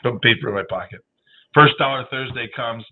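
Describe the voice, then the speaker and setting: A middle-aged man, a guest on a talk show, telling lively anecdotes in casual chat and acting out the dialogue. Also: medium pitch, a little fast. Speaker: guest, baseball team general manager. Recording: tinny phone-like audio.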